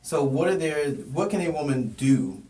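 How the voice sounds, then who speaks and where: A man hosting a podcast who asks his guest questions haltingly and often restarts them. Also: fairly high pitch, lively intonation, mellow. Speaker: podcast host. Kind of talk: interview questions. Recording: roomy echo, voice far from the mic.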